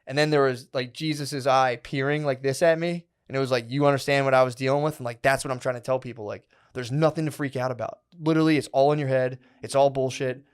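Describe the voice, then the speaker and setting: A man on a casual comedy podcast, spinning a long, rambling story with lots of swearing and filler words. His voice sits at an ordinary middle pitch and he talks in an animated, excitable way. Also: quick pace, hardly any pauses, smooth. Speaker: podcast co-host.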